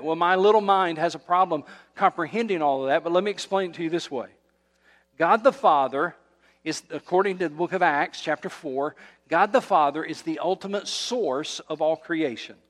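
A man's voice: fairly high pitch, a bit bright. A male pastor delivering a sermon, emphatic and repetitive, building intensity as he preaches. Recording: long hall reverb.

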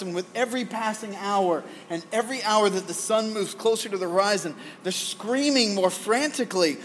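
A man in his forties preaching a sermon, conversational with folksy asides, loudly acting out screaming crowds in his story. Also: high-pitched, normal speed, a little hiss or hum. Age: 40s. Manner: animated, acts out the prophets' frantic screaming. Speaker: pastor.

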